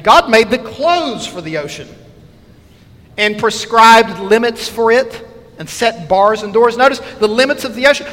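Male preacher with a higher-pitched voice, earnest expository sermon, echoing church. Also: expressive, measured pace, a bit bright. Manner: earnest expository preaching, reading scripture aloud.

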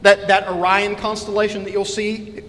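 Male preacher with a higher-pitched voice, earnest expository sermon, echoing church. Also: flat delivery, moderate pace, a bit bright. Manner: earnest expository preaching, reading scripture aloud.

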